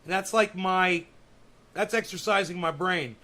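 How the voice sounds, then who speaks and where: A man's voice: high-pitched, unhurried, sharp tone. A man hosting a casual live stream, rambling and swearing, with testy, teasing banter with his viewers.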